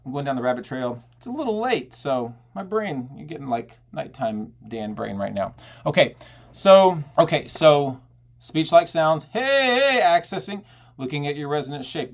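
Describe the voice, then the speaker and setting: Animated male voice teacher, lively pitch. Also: moderate pace. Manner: animated, breaks into loud belted shouts and vowel demos. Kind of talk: vocal technique lesson with sung demonstrations.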